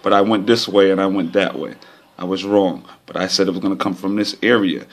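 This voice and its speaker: Low gravelly man vlogging casually. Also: fairly quick. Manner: excited and frustrated, pointing at a chart. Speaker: lottery system vlogger. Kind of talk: casual talk to camera.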